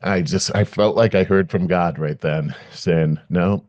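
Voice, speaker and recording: Deep-voiced man telling a heartfelt story. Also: a little slow, darkish tone, no echo, dull audio. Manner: emotional storytelling, many restarts. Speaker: podcast co-host. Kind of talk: casual conversation.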